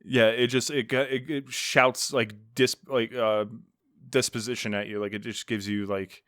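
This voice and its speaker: A man's voice: mid-range voice, little pitch movement, measured pace, fairly bright tone, no echo, studio quality. A man co-hosting a podcast, chatting playfully in character with a rambling, restarting delivery. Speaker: podcast co-host. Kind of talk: in-character casual chat.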